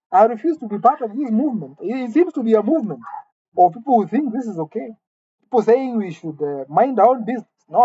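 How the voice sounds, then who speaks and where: A woman delivering a mock-serious comic rant, indignant and halting, often repeating her words. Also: a little high, warm tone, slightly rough, highs cut off. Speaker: comedic vlogger.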